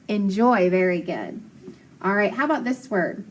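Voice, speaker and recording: Woman teacher, encouraging phonics lesson, clear sound-outs. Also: medium pitch, animated. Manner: encouraging, slow sounding-out of words.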